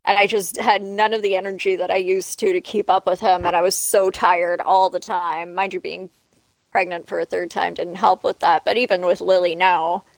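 A woman's voice: fairly low pitch, little pitch movement, normal speed, vocal fry, no room sound, rough recording. A woman in her late thirties co-hosting a casual podcast chat, talking candidly and conversationally. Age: 30s. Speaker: podcast co-host.

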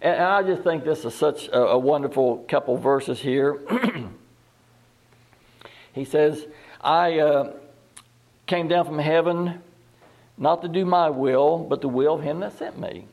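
Higher-voiced man preaching a sermon. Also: unhurried, long pauses, darkish tone. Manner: reads scripture aloud and asks the listeners questions; repeats words and restarts phrases. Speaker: pastor.

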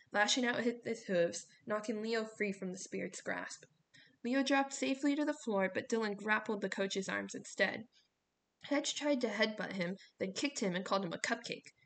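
A woman reading a novel aloud, steady storytelling with small slips. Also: medium pitch, creaky. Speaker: audiobook reader.

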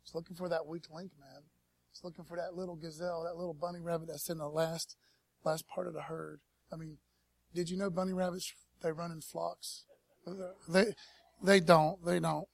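A pastor preaching a casual sermon at a church service, in a laid-back, slangy way and calling on the congregation to respond. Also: male voice, a little high, flat delivery, moderate pace, vocal fry, no room sound. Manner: laid-back slangy preaching, peppered with "man" and "you know what I mean"; calls for audience response.

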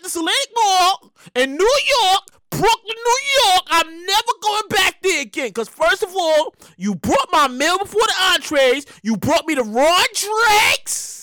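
A woman hosting a show, telling a profane, animated story in a rant that keeps bursting into shouts. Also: sits high, dry recording, clean studio sound. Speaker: show host.

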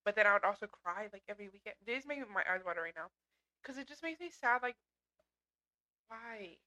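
A woman's voice: medium pitch, expressive, a little fast, pushed and bright, rough recording. A young woman co-hosting a casual podcast, talking in a loose, slangy way that is full of "dude" and swearing. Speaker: podcast co-host. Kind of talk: casual chat.

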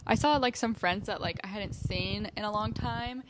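A woman in her early twenties co-hosting a podcast, talking casually with lots of fillers in quick bursts. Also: mid-range voice, background noise. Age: early 20s. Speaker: podcast co-host. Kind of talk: casual chat.

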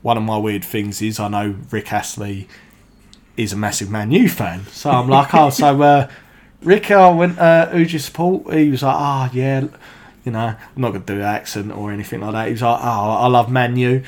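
A man, a podcast guest, telling anecdotes in casual chat, animated, swearing freely and laughing as he goes. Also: lowish voice, a little fast.

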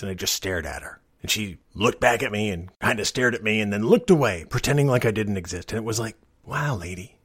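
A middle-aged man telling a long joke story in a casual, wry, deadpan way, as host of a storytelling show. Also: fairly low pitch, husky, no echo, clean studio sound. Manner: wry, deadpan joking delivery.

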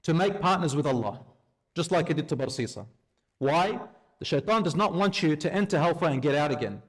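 A man preaching a sermon, telling a story and acting out its dialogue in lively, conversational speech. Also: on the high side, a little fast.

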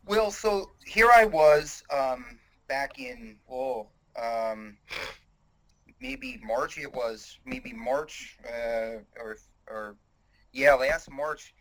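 A man's voice: medium pitch, animated, drawn-out words, fairly bright tone, poor audio. A man voicing a proud, rambling middle-aged coal miner with a Pennsylvania Dutch accent, hesitant and full of ums. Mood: folksy.

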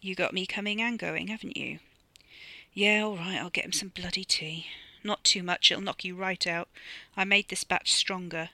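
A blunt, sardonic middle-aged man grumbles and swears through his lines, as a woman reads him. The tone is bright and forward, the recording dry and close. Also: lowish voice, moderate pace, no room sound.

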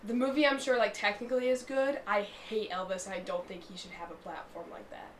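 A woman's voice: medium pitch, steady tone, fairly quick. Young woman, drop-in guest, casual blunt chat with a teasing edge, faint hiss behind. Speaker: guest dropping in. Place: small booth.

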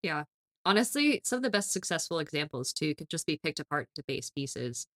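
A woman's voice: deep voice, sing-song, a little fast, fairly bright tone, dry recording, studio quality. A woman co-hosting a casual podcast about tabletop games, talking with energy and laughing often. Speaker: podcast co-host.

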